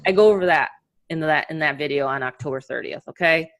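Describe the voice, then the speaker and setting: Energetic New York woman coaching online. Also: sits low. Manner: energetic and upbeat, talks in quick bursts. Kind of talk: live webinar presentation.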